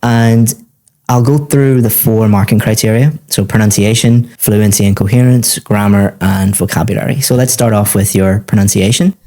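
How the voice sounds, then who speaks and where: A man's voice: on the low side, fairly even intonation, moderate pace, dark tone. A man teaching, giving a student methodical, encouraging feedback on a speaking exam.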